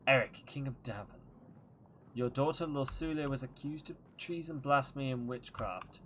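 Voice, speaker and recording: A man's voice: mid-range voice, moderate pace, a bit bright, a little hiss or hum, lightly acted, low-quality recording. A man reading out a formal royal letter, voicing a grave and stiff male messenger. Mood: solemn.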